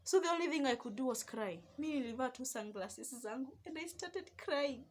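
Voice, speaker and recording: A young Kenyan woman talks straight to her viewers in a chatty, animated vlog. Her voice sits a little high, and she moves freely between Swahili and English as she tells her story. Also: a little fast, hardly any pauses. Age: young adult. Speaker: vlogger. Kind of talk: casual storytelling.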